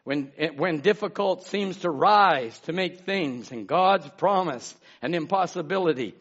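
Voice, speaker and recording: A man preaching a sermon as pastor, swinging between emphatic shouts and hushed asides and calling out listeners by name. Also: on the high side, unhurried. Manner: calls out congregation members by name. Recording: dull lo-fi sermon recording.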